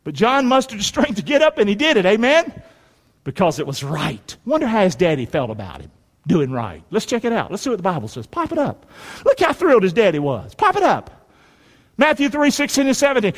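A male pastor preaching a sermon in a folksy, emphatic way, calling for amens and swinging between shouts and quiet asides. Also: high-pitched, huge pitch swings, a little fast. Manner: call-and-response preaching, asks the congregation for amens. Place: church. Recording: preaching in a reverberant hall.

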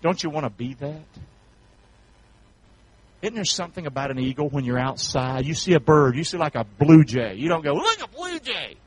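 Very animated at a normal speed, a North Carolina preacher with a slightly high voice and Southern accent leads a folksy sermon. He calls the congregation to say amen, trading shouts for quiet asides, on a low-quality recording.

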